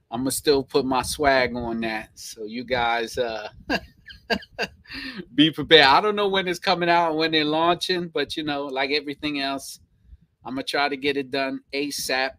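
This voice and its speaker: Hosting a live stream, a man with a Brooklyn, New York accent and a mid-range voice chats casually with viewers in slangy, animated talk, laughing often. The audio quality is poor.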